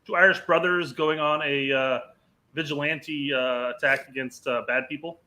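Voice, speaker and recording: A man's voice: a little high, steady tone, moderate pace, sharp tone, a little hiss or hum. A man co-hosting a casual soccer podcast, rambling with stammered restarts and frequent laughs. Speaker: podcast co-host. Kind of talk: casual chat.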